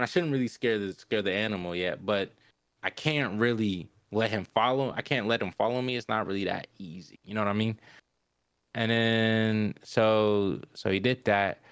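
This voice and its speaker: A man's voice: on the low side, normal speed, no echo, clean studio sound. A young man casually recapping an anime episode on a podcast, acting out the characters' lines and checking in with "right?" all the time. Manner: animated retelling, acts out characters' lines with "yo" and "right?". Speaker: podcast co-host.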